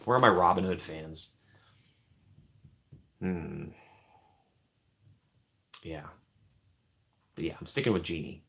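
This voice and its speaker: A man hosting a live stream, rambling casually and joking as he thinks out loud while reading the chat. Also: low-pitched, slow pace, gravelly, pauses often.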